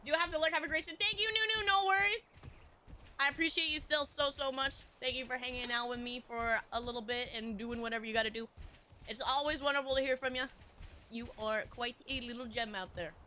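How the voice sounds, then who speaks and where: A woman's voice: high voice, a little fast, bright, forceful tone, a little hiss or hum. A woman game streamer chatting casually with viewers, rambling with lots of restarts and little laughs.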